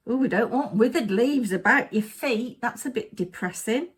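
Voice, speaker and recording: A woman's voice: fairly high pitch, lively intonation, moderate pace, slightly rough. A tired woman giving a chatty crafting narration, muttering to herself with playful asides.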